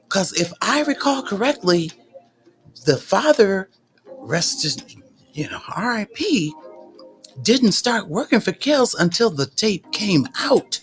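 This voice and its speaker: Guy reading court transcripts w sassy commentary, highish voice that swings all over, music faint underneath. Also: big pitch swings, unhurried. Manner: sassy, exasperated, cusses. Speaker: commentary host.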